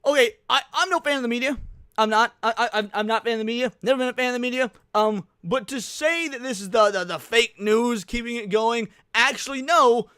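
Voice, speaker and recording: Male livestream host, heated sweary reaction commentary, high, clean dry voice. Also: fairly quick, pushed and bright, clean tone, no room sound. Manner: profane, heated ranting.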